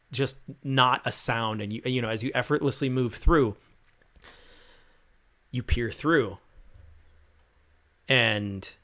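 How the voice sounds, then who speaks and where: A man's voice: medium pitch, a bit bright. A man running a tabletop game as game master, setting cinematic scenes in a casual, filler-laden way.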